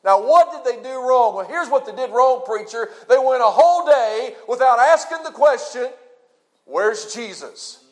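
A middle-aged man delivers a sermon in a notably high voice. He preaches with swings between loud, emphatic stretches and quiet, low-pitched drops. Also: moderate pace, hardly any pauses. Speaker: pastor.

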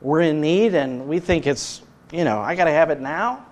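A man preaching a sermon as pastor, earnest, his voice rising loud and then dropping soft. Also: fairly high pitch, expressive, normal speed, a little hiss or hum.

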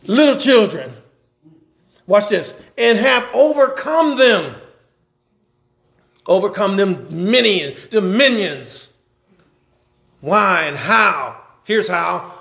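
A male pastor preaching a sermon, swinging from loud shouting to quiet asides, with colloquial talk and lots of repeated words. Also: high-pitched, big pitch swings, slow pace, vocal fry, long pauses.

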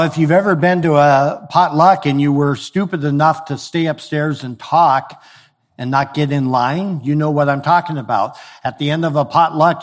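A man preaching a sermon in a conversational way, explaining scripture with everyday examples. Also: a little high. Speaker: pastor.

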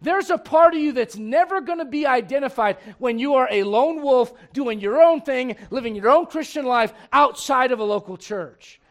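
Man, pastor, sermon, very high-pitched, animated, conversational, shouts for emphasis. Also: moderate pace, hardly any pauses. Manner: animated preaching, swings from quiet asides to shouted emphasis; conversational, laughs with the congregation.

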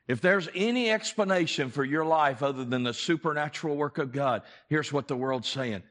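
A man's voice: mid-range voice, animated, moderate pace, hardly any pauses, fairly bright tone. A man preaching a sermon as pastor, speaking straight to his congregation and repeating his phrases with growing passion. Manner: impassioned, repetitive preaching; addresses the congregation directly.

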